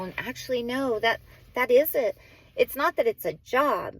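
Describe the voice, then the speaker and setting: Talking to the camera with heartfelt, casual warmth, a woman in her forties who vlogs as a mother rambles on, saying "like" often, correcting herself, and becoming emotional. She speaks at a moderate pace in a medium pitch, and the audio has no echo.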